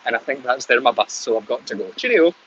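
A man's voice: medium pitch, lively intonation, fast talker, a bit bright, lo-fi sound. A man with a Scottish accent leaving a chatty, cheerfully ranting voice message for a podcast. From Scotland. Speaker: caller.

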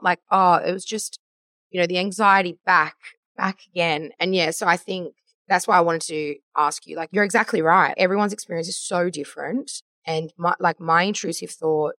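Low gravelly woman host. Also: fairly bright tone, no echo. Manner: emotional, rambling, quotes her own past thoughts. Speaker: podcast host. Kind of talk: candid conversational interview.

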